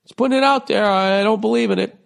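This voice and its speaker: A man's voice: high voice, fast talker, vocal fry, voice pushed up. A man doing a falsely innocent woman's voice. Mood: faux-innocent. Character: fake-sweet young woman protesting her honesty.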